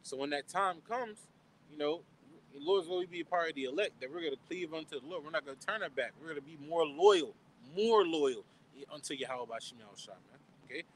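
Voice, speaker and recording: A man with a fairly high voice preaches outdoors in a loose, conversational Bible study. He ends almost every line with "man" or "okay?" and poses questions he answers himself. Faint street traffic hums behind him. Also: expressive, brisk, poor audio. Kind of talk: informal outdoor Bible teaching.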